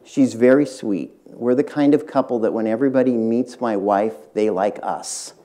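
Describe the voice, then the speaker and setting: A man's voice: mid-range voice, moderate pace, mellow, slight background noise. An older man, a retired tech executive, tells a business anecdote to a university audience, speaking straight to the listeners. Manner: anecdotal, addresses the audience directly. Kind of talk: storytelling public talk. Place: university lecture hall.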